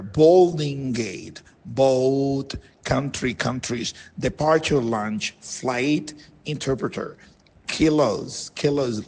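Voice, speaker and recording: Slow husky man. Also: mid-range voice. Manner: slow, deliberate, repeats words for practice. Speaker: English teacher. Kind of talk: reading a language drill.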